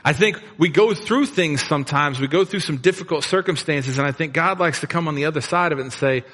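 A man's voice: fairly high pitch, brisk, hardly any pauses, a bit bright. A middle-aged man preaching a sermon as a pastor, retelling the story in a casual, conversational way with plain slang. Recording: long reverb of a large room.

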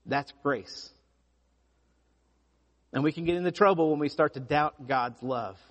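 A pastor preaching a sermon, telling stories with lively emphasis and frequent restarts. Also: male voice, on the high side, measured pace, in a large hall. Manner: animated storytelling with repeated restarts.

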